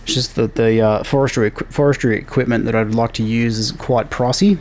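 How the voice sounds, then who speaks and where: A man hosting a casual let's play, relaxed and talking through each task as he plays. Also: mid-range voice, fairly quick. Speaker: gaming channel host.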